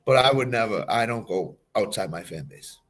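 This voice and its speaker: A man's voice: on the low side, expressive, moderate pace. A man guesting on a football podcast, talking emphatically and repeating short phrases for punch. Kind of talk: casual sports talk.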